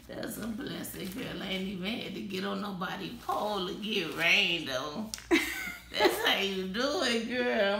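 A woman's voice: medium pitch, expressive, measured pace, sharp tone, slight background noise. A young woman, chatting casually in an exclamatory, gushing way. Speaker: vlogger. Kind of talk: casual chat. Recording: echoey room.

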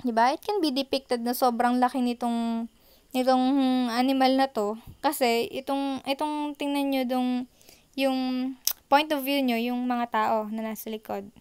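Her smooth, slightly mellow voice sits high, steady in tone at a moderate pace, as she presents art concepts from slides in a recorded online lecture. Speaking with a Filipino accent, she mixes English and Tagalog and often checks on her students.

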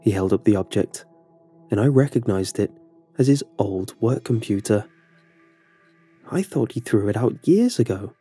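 A man narrating a horror story in a steady, measured way. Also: fairly low pitch, slightly rough, no echo, faint music behind.

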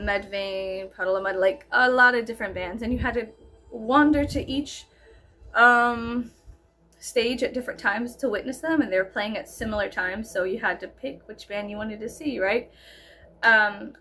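A woman's voice: a little high, pushed and bright. Rambling woman telling stories. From South Texas. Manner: rambling, heavy fillers, swears freely. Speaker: storyteller vlogger. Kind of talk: casual rambling storytelling. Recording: faint background noise.

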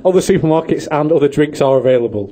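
A man's voice: on the high side, expressive, fast talker, warm tone. A young British man co-hosting a student radio show in casual banter, often stammering and laughing. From Britain. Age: young adult. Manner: giggly, stammering, jokey. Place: radio studio.

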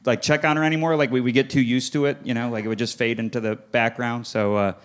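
A man's voice: medium pitch, little pitch movement, fast, clean tone. A man doing stand-up comedy on a club stage, telling stories animatedly and slipping into exaggerated voices for family members. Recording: live club recording with audience laughter.

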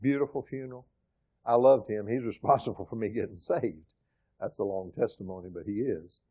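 A middle-aged man preaching a sermon as pastor, emphatic, swinging from loud exclamations to quiet asides. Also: lowish voice, brisk, breathy edge. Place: church sanctuary.

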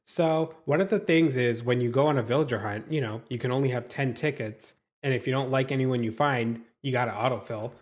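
A gaming YouTuber with a medium-pitched voice gives casual commentary on his gameplay. He's excitable and chatty, swears freely, and speaks directly to his viewers.

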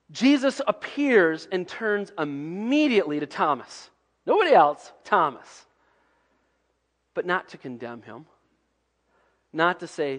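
A male pastor giving a sermon in a conversational preaching manner, sometimes dropping to hushed tones. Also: high-pitched, big pitch swings, takes it slowly, pauses often, big-room sound.

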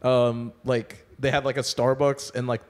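Young male podcast guest, loose rambling storyteller, mid-pitched. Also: level tone, measured pace. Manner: rambling, filler-heavy storytelling. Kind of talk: casual chat.

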